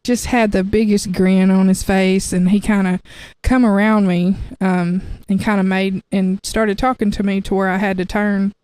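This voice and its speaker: A woman's voice: medium pitch, flat delivery, moderate pace, few pauses, a little mellow, smooth, no room sound. Chatty woman telling her testimony. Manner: chatty, laughs often, restarts sentences. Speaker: guest sharing her testimony. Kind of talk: casual testimony storytelling.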